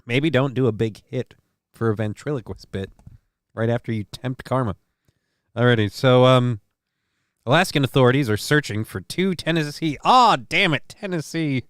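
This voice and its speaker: A man hosting a comedic news livestream, rambling and sarcastic, his speech peppered with swearing. His voice sits in a middle register and sounds smooth and resonant. It is recorded close and dry on a home mic. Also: medium pitch, moderate pace, no room sound. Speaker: host. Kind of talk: casual comedic news commentary stream.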